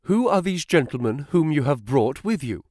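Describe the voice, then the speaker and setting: A man voicing a terrified male office manager who speaks fast with strained politeness. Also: a little high, big pitch swings, darkish tone, dry recording, studio quality. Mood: nervous. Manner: hurried, nervous, strained politeness.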